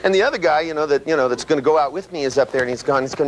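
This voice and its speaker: A man giving a live seminar lecture, animated and profane, acting out voices and sound effects as he teaches. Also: fairly high pitch, very fast, over a noisy crowd. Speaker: seminar trainer. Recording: noisy live seminar recording.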